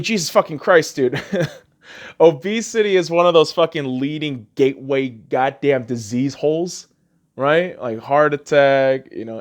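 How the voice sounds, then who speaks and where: Brief: crude, heated podcast host, lively, swooping delivery. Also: male voice, medium pitch. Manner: crude, heated, heavy swearing. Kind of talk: profane podcast rant.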